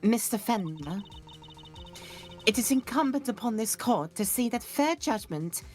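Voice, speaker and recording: A stern, formal judge, as a woman reads the part in a game voice-acting stream. The delivery is measured and deliberate, with careful legal phrasing. Faint music sits behind the voice. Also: a little high, animated, darkish tone.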